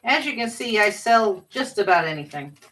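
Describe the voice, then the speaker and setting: A woman's voice: mid-range voice, lively intonation, moderate pace, a bit bright, a little hiss or hum. A woman selling online, chatting casually on a live stream while packing orders and baby-talking to her pets. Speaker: online seller.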